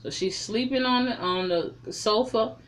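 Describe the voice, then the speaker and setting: A woman's voice: fairly high pitch, unhurried. Woman reviewer, blunt, swears freely, chatty recap with strong opinions. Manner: profane, blunt, animated storytelling. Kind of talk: casual recap and commentary.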